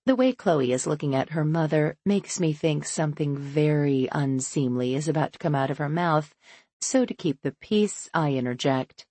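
An audiobook narrator reads a first-person novel aloud, changing her pitch and pace to voice each character. Her voice is mellow, her pace moderate, and there's no echo.

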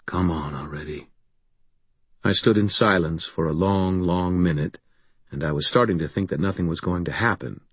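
A man reading first-person fantasy audiobook narration in a measured, deliberate storytelling manner. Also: low-pitched, husky, no room sound.

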